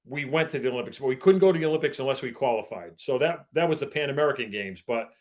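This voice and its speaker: A man's voice: medium pitch, animated, fast talker. An older man hosting a talk show, speaking in a folksy, casual way and leaning on "so" to move his stories along. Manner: folksy, repeats "so" to push on. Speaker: host, former baseball executive. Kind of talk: casual interview chat.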